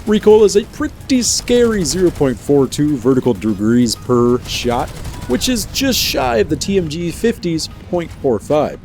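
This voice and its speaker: A man's voice: on the high side, sing-song, unhurried, a little mellow, a little hiss or hum. A man hosting a gaming video in a playful, jokey commentary style with teasing asides. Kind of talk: casual game commentary.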